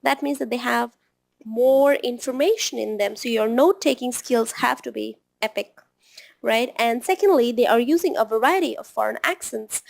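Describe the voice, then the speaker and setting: A woman with a fairly high voice gives a relaxed, conversational lesson on exam preparation. She talks like a friendly tutor and keeps checking in with a quick tag question after her points. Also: vocal fry. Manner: chatty, often ends points with a tag question. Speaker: test-prep tutor. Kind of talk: informal online lesson.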